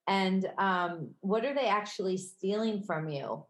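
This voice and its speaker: A woman with a Midwestern accent co-hosting a podcast in casual chat, conversational and quick to laugh. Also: mid-range voice, animated. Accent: Midwestern American. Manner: conversational, laughs easily, self-correcting. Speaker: podcast co-host. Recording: roomy echo.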